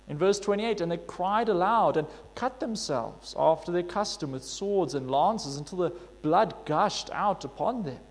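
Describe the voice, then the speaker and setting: A man with a fairly high voice delivers a sermon, reading scripture aloud and then working through it. He speaks earnestly, with plenty of "uh" and restarted phrases. The sound carries a long reverb, as if from a large hall. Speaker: preacher.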